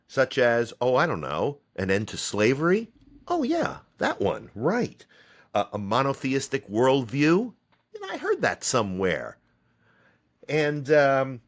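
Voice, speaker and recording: An American man talks alone into the mic as host of his own podcast. He speaks at an ordinary, mid-range pitch. He loses his thread, jokes at his own expense and slips in dry, sarcastic remarks. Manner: rambling, self-deprecating with sarcastic asides. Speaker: podcast host and theater company head. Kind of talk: solo podcast monologue.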